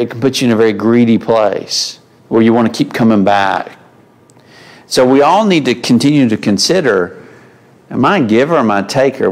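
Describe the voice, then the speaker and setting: A man teaching a mid-week Bible class in a church, in a conversational way, asking the class questions. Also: medium pitch. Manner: conversational, asks the class questions, folksy phrasing.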